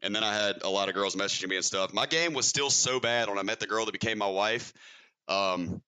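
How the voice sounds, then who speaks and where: A young man from Mississippi with a Southern accent and a deep voice, telling a rambling, self-mocking story as a podcast guest. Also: a little fast, bright, forceful tone, clean tone. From Mississippi, USA. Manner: rambling, self-mocking, laughs through stories. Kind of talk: casual storytelling.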